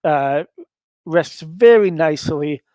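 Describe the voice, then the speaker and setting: A man narrating his own solo tabletop game, rambling along with plenty of fillers. His voice sits a little high. The recording is dry and close. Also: animated, takes it slowly, mellow, no echo.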